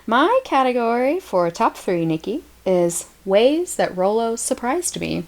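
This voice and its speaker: A woman's voice: a little high, very animated, a little slow, a little hiss or hum. An American woman co-hosting a casual podcast, her voice swinging up and down with lots of energy. She chats easily and breaks into giggles often. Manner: giggly, chatty. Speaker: podcast co-host. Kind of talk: casual chat.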